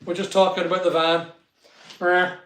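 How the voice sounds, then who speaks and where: A man's voice: sits high, completely flat delivery, slow, fairly bright tone. A middle-aged man, chatting casually on a live stream and greeting viewers by name. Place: studio room being built. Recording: echoey unfinished room.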